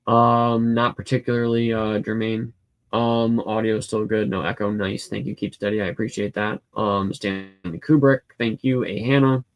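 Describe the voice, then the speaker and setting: A man's voice: lowish voice, flat delivery, moderate pace. A man hosting a casual livestream Q&A from home, reading viewer comments aloud and answering in a rambling, hesitant way with many fillers and restarts. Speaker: livestream host answering chat questions. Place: home room with a cat.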